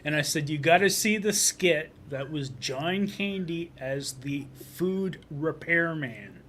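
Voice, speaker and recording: A man's voice: a little high, slow, a bit bright. A Canadian man chatting casually on a livestream panel, laughing easily and slipping into silly voices when he tells a story. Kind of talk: casual chat.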